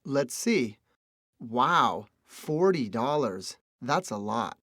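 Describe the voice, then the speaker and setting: Regular dude reading a price, slow, dry mic. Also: male voice, medium pitch, sing-song, fairly bright tone, no echo, exaggerated voice. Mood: plain. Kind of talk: scripted dialogue for a language lesson.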